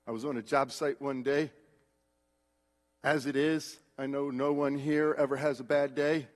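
A man preaching a sermon, moving between hushed, slow words and loud, drawn-out exhortation. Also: mid-range voice, flat delivery. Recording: long reverb of a large hall.

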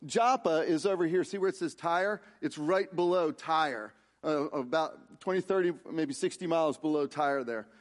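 A man's voice: fairly high pitch, moderate pace, few pauses. A man preaching a sermon, reading scripture aloud and explaining it with frequent restarts. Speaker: pastor.

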